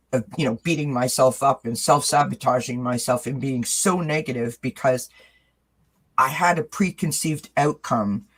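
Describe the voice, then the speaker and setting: A man's voice: mid-range voice, fairly bright tone, husky. A man in a medium register hosts a casual video chat. He talks openly and earnestly, turning to his viewers as friends. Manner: earnest, candid, speaks to viewers directly. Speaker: channel host.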